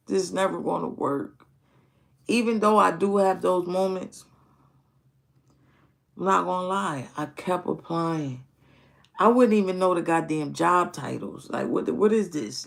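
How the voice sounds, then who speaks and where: This is a high-pitched, gravelly male voice, a little slow. The streamer speaks about his own life casually, candidly and thoughtfully, cursing often and repeating phrases as he talks.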